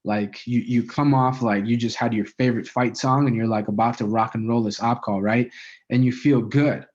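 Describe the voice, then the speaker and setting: A man's voice: medium pitch, steady tone, normal speed, a little mellow, lo-fi sound. A man giving a casual spoken training on sales communication, loose and conversational, often tagging lines with "right?".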